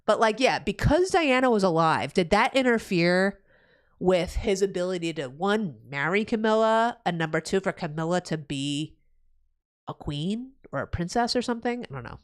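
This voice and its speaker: Animated, foul-mouthed woman streamer ranting. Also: normal speed. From New Jersey, USA. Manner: profane ranting, loud swings in pitch. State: pregnant. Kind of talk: casual live-stream chat.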